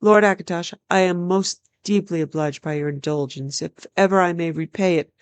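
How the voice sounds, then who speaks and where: A storyteller voicing an earnest young boy prince in a read-aloud fantasy tale, with high, excited calls. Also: normal speed, clean tone, no room sound, close to an everyday voice.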